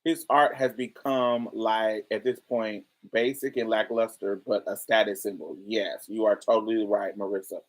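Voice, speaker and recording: A woman's voice: a bass voice, steady tone, normal speed, few pauses. A woman podcast host giving casual review commentary, talking in slang with exasperated asides.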